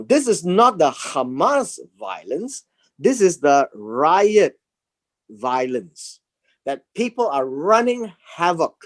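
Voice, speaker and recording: A man teaching a Bible class. He talks in a slow, halting way and often repeats words and fillers as he reads verses and explains Hebrew words. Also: high-pitched. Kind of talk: Bible study lecture.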